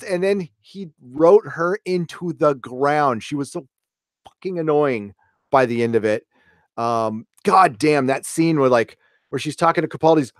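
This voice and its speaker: A man's voice: medium pitch, dry recording, studio quality. A middle-aged man hosting a casual live show, talking in a rambling, blunt way and swearing freely. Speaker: host.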